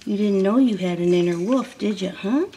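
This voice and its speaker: A woman's voice: medium pitch, moderate pace, warm tone, a little hiss or hum. A woman talking in sing-song, doting baby talk to a puppy while she films it. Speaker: dog breeder filming a puppy.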